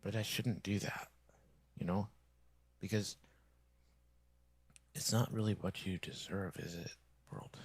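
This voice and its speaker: A man's voice: low-pitched, steady tone, takes it slowly, long pauses, slightly rough, no room sound. A man streaming a rambling, bitter monologue to his viewers, complaining and often dropping into a whisper.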